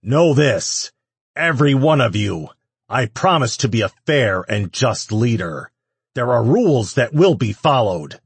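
Guy putting on a loud angry demon lord, husky snarl, dry close sound. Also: mid-range voice, big pitch swings, takes it slowly, few pauses, no echo, voice pushed up, full character voice. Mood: commanding. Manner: loud, growling threats. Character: furious young male demon lord, commanding. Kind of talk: audiobook character voice.

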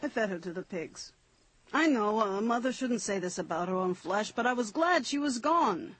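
Bitter mother witness, husky, dry close sound, blunt. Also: medium pitch, moderate pace, no room sound, low-quality recording. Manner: flat, blunt. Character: hard, bitter mother testifying in court. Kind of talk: radio drama acting.

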